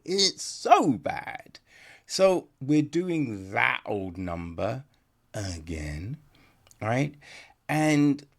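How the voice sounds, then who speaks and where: A man's voice: mid-range voice, gravelly. A man giving a casual, rambling film review on a podcast, blunt and swearing, tagging his points with "right?". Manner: rambling, blunt, swears, many tag questions.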